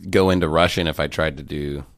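A man's voice: extremely low pitch, steady tone, fairly quick. A man co-hosting a podcast in a playful, joking casual chat. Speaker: podcast co-host.

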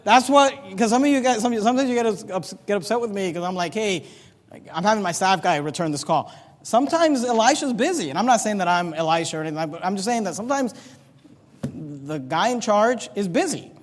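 A man preaching a sermon in a church, reading scripture aloud and acting out the characters with animated emphasis. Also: high voice, fast talker, big-room sound. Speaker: pastor.

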